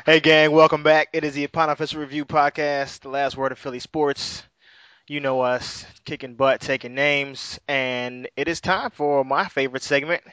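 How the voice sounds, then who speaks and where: A man's voice: a little high, flat delivery, moderate pace, a bit bright, smooth, dry recording. A man hosting a sports podcast, upbeat, laughing along and chiming in with short remarks. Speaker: podcast host. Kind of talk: casual sports podcast chat.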